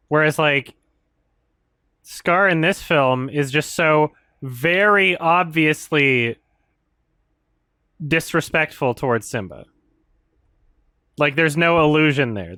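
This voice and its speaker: A man with a bright, sharp voice complains about a film in casual, profane terms. He is sarcastic and exasperated, and the sound is dry and close with no room behind him. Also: fairly high pitch, clear, resonant tone, no room sound. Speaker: video commentator.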